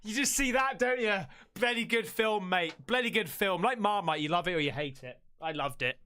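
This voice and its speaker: A man with a British accent giving loud, excitable reaction commentary full of swearing. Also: high voice, moderate pace, clear, resonant tone. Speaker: reaction host.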